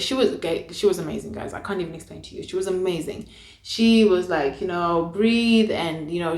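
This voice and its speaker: Animated young woman vlogger, echoey room. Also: on the low side. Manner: animated, acts out her own past lines, shifts between hushed and loud. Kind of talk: storytelling to camera.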